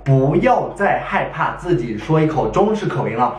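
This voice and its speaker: A man's voice: mid-range voice, very animated, normal speed. A man hosting a vlog, narrating in an encouraging, advising way, recorded in an echoey room. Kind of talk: voice-over commentary.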